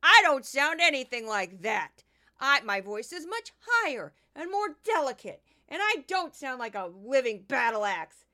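Brash older TV judge-host impression, combative and loud, done by a woman. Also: high voice, very animated, a little slow, heavily acted. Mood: indignant.

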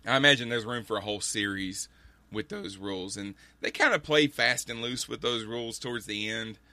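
A man's voice: on the low side, a little fast, bright, forceful tone, dry recording. A man co-hosting a casual movie chat, earnestly summarizing a film. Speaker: podcast co-host.

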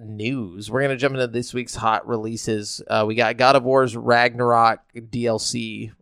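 A man hosts a laid-back gaming podcast, reading news quotes and wandering off between them. His voice is smooth and clear at a middling pitch. The sound is dry and close, with no room around it. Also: little pitch movement, normal speed, fairly bright tone, no echo. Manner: reads news quotes aloud, loose and rambling. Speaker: podcast host. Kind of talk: casual gaming news chat.

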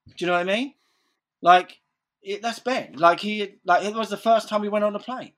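A man's voice: high-pitched, moderate pace, a bit bright. A man telling stories in casual chat, rambling, swearing freely and saying "like" constantly.

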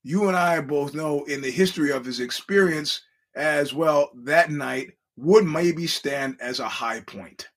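A man's voice: fairly high pitch, a little slow, a bit bright. A man hosting a podcast, telling a story in a rambling, casual monologue and acting out the quoted voices. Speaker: podcast host.

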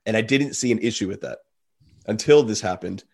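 A man's voice: on the low side, fairly quick, a little mellow. A man hosting a podcast, telling stories in a loose, rambling way full of fillers. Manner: rambling storytelling with many fillers. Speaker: podcast host. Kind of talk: casual interview talk.

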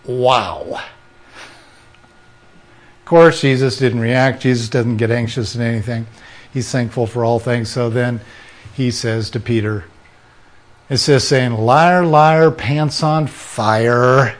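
A man preaching a sermon, emphatic and full of rhetorical questions, sometimes dropping into quiet asides. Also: medium pitch, fairly even intonation, measured pace, long pauses.

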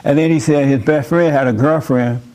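Male preacher and show host, a bit high-pitched, blunt and emphatic in the pulpit. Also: steady tone, normal speed, warm tone. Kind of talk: sermon. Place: room with a live audience.

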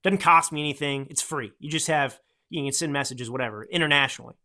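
A man hosting a political commentary podcast, talking into a close microphone in an animated, rambling way that swings from loud to hushed. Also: medium pitch, fast. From United States. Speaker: podcast host. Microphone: close studio microphone.

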